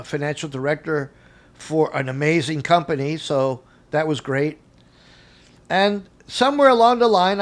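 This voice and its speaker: An older man, a guest on an interview show, telling animated anecdotes from his career and acting out the dialogue with frequent chuckles. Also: on the high side. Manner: acts out dialogue in quotes. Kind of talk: casual storytelling interview.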